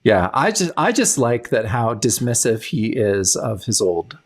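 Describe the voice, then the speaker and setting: A man's voice: mid-range voice, sing-song, unhurried. A man co-hosting a casual podcast, tossing in wry jokes and laughing often while discussing a comic. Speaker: podcast co-host.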